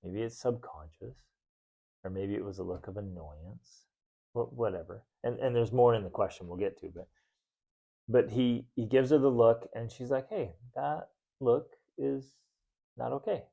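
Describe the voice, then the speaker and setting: A man with a mellow, warm voice hosts a casual podcast conversation with his wife. He talks freely and animatedly, jumping into little acted-out voices when he retells their disagreements. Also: on the low side, normal speed, vocal fry. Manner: animated, acts out arguments in voices. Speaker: podcast host.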